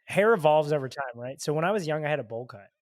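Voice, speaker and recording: A man in his twenties from Chicago, a guest telling stories in a casual, animated way, full of "like" and "dude". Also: on the high side, fast, no room sound, studio quality. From Chicago, USA. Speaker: podcast guest, paintball player. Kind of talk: casual storytelling.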